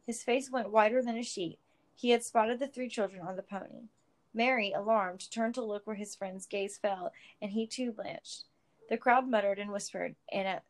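A woman narrating a story in a steady, expressive reading voice. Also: mid-range voice, rough recording. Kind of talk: audiobook reading of fan fiction.

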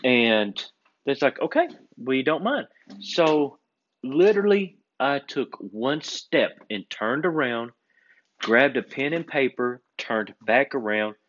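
A man's voice: mid-range voice, slow. A man telling stories in casual chat, acting out the voices of people in them. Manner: animated storyteller, acts out quoted voices. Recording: dull lo-fi recording.

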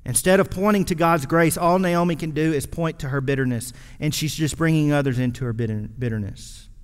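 A man preaching a sermon as pastor, impassioned, swinging from loud exhortation to quiet, hushed lines. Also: a little high, fairly quick, smooth, big-room sound.

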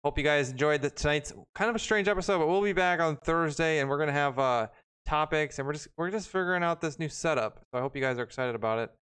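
A man's voice: fairly high pitch, fast, fairly bright tone, clear, resonant tone. A man hosting a live-streamed show, chatting casually and laughing often. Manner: laid-back, laughing often. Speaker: podcast host.

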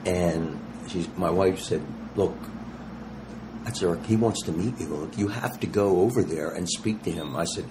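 Animated, slangy older man telling stories. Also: deep voice, moderate pace, noisy background. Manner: animated, slangy storyteller who acts out quotes. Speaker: touring rock musician, guest. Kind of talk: casual interview storytelling.

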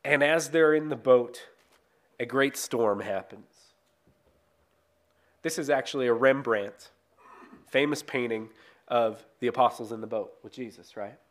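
A man's voice: medium pitch, a little slow, pauses often. A man preaching a sermon in a conversational way, reading scripture and then explaining it, often checking in with "right?". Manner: conversational, frequent "right?" tag questions.

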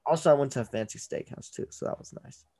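A man's voice: medium pitch, warm tone, slightly rough. A man hosting a podcast, chatting casually and mocking his co-host over a video call. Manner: playful, quick to mock and bicker. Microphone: own mic on a video call.

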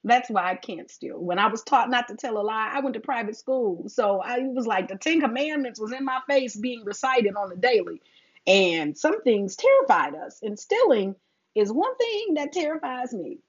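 A middle-aged woman talks faith to her listeners in a casual, preachy way, calling them sis. Her voice sits fairly high and swoops widely. The recording sounds dull and lo-fi. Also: big pitch swings, moderate pace, slightly rough. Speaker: faith talk host. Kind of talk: casual faith talk to viewers.

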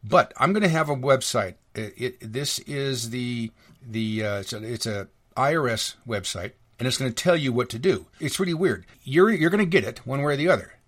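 A man hosting a solo podcast, ranting in an indignant, sarcastic, rambling way, from the United States, stumbling over restarts and jumping up in pitch when he gets worked up. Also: lively intonation, moderate pace, a bit bright. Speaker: podcast host.

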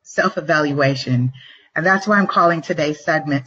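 Middle-aged woman, vlog host, low-ish husky voice, emphatic and repetitive motivational delivery, slightly muffled webcam audio. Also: fairly bright tone. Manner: emphatic, repeats and slows down to stress points. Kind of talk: motivational live-stream talk.

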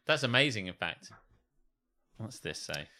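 A man's voice: on the low side, very animated, measured pace, bright, forceful tone, a little hiss or hum. A man co-hosting a casual live-streamed podcast, with a dry, sarcastic way of talking. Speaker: podcast co-host. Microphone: studio mic on a stand.

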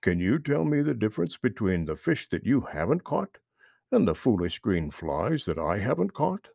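Man playing a very old storybook frog, mild and slyly wise, gravelly, croaky lift. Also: fairly low pitch, sing-song, a little mellow, no echo, studio quality, heavily acted. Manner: mild, slow, sly.

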